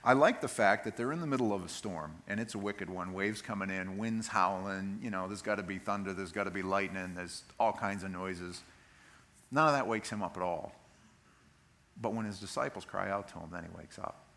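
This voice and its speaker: A man preaching a sermon, telling the story in a lively way and acting out the voices of the people in it. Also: deep voice, moderate pace. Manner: animated storytelling, acts out voices. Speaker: pastor.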